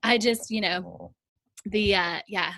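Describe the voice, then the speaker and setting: Woman podcast host, bright tone, rambling, friendly interviewer. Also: mid-range voice, slow pace, dry recording. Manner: chatty, rambling, many fillers and restarts, laughs.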